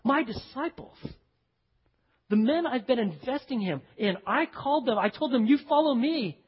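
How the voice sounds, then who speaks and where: A male pastor preaching a sermon, emphatic, dropping to hushed low phrases and speaking straight to his congregation. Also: animated, moderate pace, slightly rough. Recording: dull recording with long hall reverb.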